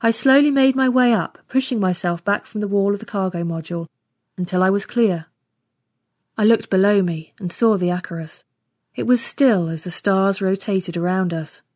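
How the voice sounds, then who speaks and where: A woman narrating a first-person science fiction story in steady, scripted storytelling. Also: mid-range voice, moderate pace, no echo, studio quality. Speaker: story reader.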